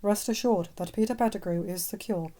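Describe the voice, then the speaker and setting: A woman voicing a calm, grave old headmaster wizard who speaks slowly and soothingly. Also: mid-range voice, lightly acted.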